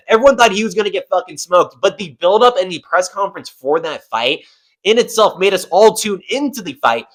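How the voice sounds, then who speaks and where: A man's voice: sits high, a bit bright, poor audio. A man giving casual commentary as an MMA YouTuber, rambling and swearing a lot.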